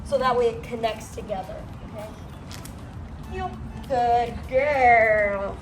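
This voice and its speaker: A woman's voice: fairly high pitch, lively intonation, moderate pace, echoey room, recorded from a distance, a little hiss or hum. A woman dog trainer giving a training demonstration outdoors, praising the dog and explaining to owners. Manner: praising, instructive, coaching. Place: outdoors on a driveway or street.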